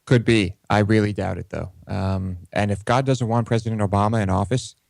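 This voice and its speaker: A man's voice: lowish voice, steady tone, fairly quick, creaky, a little mellow, dry recording. A man co-hosting a political talk show, chatting casually and hesitantly, with many fillers. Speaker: co-host.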